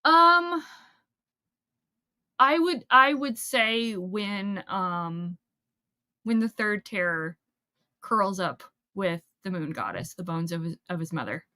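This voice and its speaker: Bright-voiced woman chatting about books. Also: medium pitch, expressive, slow pace, pauses often, no room sound, studio quality. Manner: chatty, rambling with many fillers. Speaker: book channel host. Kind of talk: casual chat about a book.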